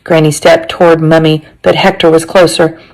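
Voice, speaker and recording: A woman teacher reading a chapter book aloud to her class, expressive and chatty, with asides to her listeners. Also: sits low, normal speed, rough recording.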